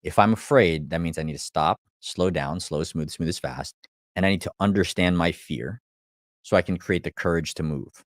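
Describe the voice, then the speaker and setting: A man's voice: deep voice, normal speed, no room sound, studio quality. A man, a life coach, giving a live motivational talk to viewers, blunt and profane, driving points home with repeated phrases. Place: live stream.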